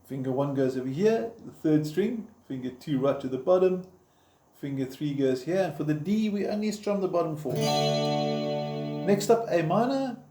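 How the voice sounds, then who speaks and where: A man's voice: a little high, expressive, moderate pace, dark tone. A man teaching guitar step by step in an informal, encouraging way, counting the beats aloud as he plays. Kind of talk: step-by-step instruction. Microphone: camera framing the guitar. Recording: roomy echo with guitar playing.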